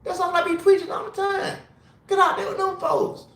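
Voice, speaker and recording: A tipsy man hosting a casual livestream, ranting in an animated, rambling, profane way. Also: very high voice, moderate pace, roomy sound. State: tipsy from drinking. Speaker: livestream host and former sprinter. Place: hotel room.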